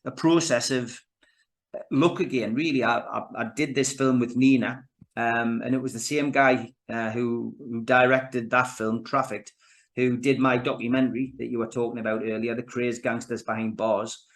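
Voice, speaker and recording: A man's voice: medium pitch, level tone, normal speed. A man with a Geordie accent chatting as a podcast guest, restarting often and calling the host "mate". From North East England. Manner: chatty, frequent restarts and 'you know, mate'. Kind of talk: casual chat.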